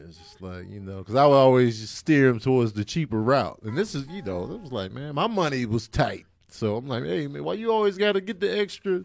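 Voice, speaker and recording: Co-host, forties; lively pitch, dry close mic. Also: male voice, dry recording. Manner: laid-back, animated storytelling with voiced quotes. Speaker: podcast co-host, father. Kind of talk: casual chat.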